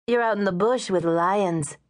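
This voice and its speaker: A woman reading an audiobook, voicing a bright, playful woman tourist who teases the others. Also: mid-range voice, unhurried, close to an everyday voice. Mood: teasing. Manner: bright, teasing.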